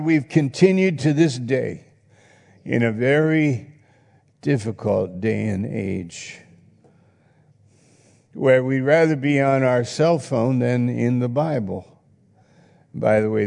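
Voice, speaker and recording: A male pastor's creaky, mid-range voice with a darkish tone fills a church hall, where long reverb trails his words. Earnest and reflective, he preaches a sermon and reads from scripture.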